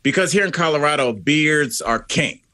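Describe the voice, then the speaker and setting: A man's voice: a little high, animated, moderate pace, bright, forceful tone. A man in his fifties, a comedian guest on a radio show, telling rambling self-mocking stories in casual studio chat.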